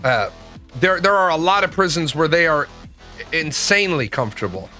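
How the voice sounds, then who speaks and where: A man with a high, bright, forward voice holds forth in casual conversation. He is blunt and emphatic, swearing freely as he makes his points. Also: big pitch swings, moderate pace, soft background music. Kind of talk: casual opinionated chat.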